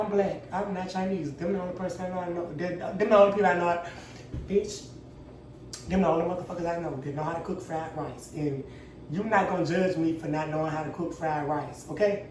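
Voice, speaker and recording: A man's voice: a little high, steady tone, brisk, a little mellow, a little hiss or hum. Joking, profane man in an echoey kitchen. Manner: loose, profane, joking, talks straight to viewers. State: stressed. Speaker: cooking vlogger. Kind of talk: casual cooking chat. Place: home kitchen. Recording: echoey room, mic at a distance.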